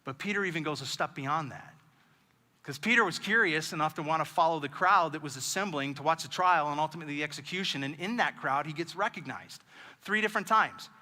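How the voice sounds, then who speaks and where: A man preaching a sermon as pastor, telling the story in an animated way and acting out the lines he quotes. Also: fairly high pitch, brisk, in a large hall. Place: church auditorium.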